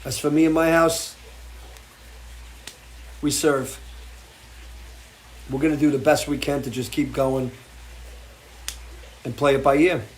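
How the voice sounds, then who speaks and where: A man's voice: medium pitch, steady tone, slow, long pauses, a little hiss or hum. A man hosting a live music show, talking off the cuff in an impassioned, swearing rant full of restarts. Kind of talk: off-the-cuff livestream talk. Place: home porch.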